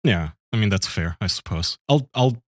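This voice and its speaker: A man co-hosting a podcast in casual chat, dropping deadpan remarks. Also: fairly low pitch, moderate pace, dry recording, studio quality. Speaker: podcast co-host.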